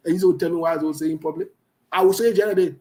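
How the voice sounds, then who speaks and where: A man as a radio host with a fairly high voice. He talks defiantly and passionately, driving his points home by repeating them, in the style of opinionated radio commentary. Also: steady tone, rapid-fire, a little mellow, poor audio. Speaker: radio talk show host.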